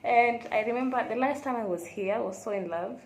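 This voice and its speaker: A woman's voice: on the high side, a little fast, echoey room, a little hiss or hum. A young woman chatting candidly and reflectively in a casual vlog from a hotel room. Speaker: vlogger. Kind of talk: casual confessional vlog chat.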